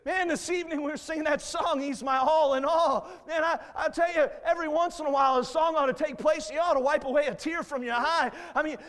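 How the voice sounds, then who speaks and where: High-voiced fervent preacher man, reverberant church. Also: fairly even intonation, fairly quick, few pauses. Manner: fervent preaching, swelling to shouts. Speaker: guest preacher. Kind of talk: revival sermon. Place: church sanctuary. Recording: long church-hall reverb.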